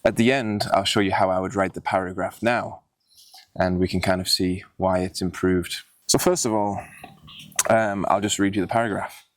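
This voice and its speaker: A man's voice: sits low, steady tone, normal speed, dry recording. A young man hosting a writing video, explaining mistakes in his old story in a plain, self-critical way. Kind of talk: casual teaching monologue.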